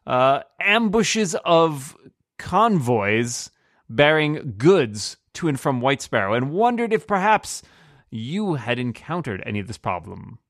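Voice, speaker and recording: A showy, self-flattering bard, played by a man at a tabletop game. His courteous, grandiose questions swing lively in pitch, and the sound is dry and close. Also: slow pace, dry recording, exaggerated voice. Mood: probing. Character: boastful male bard, smooth and showy.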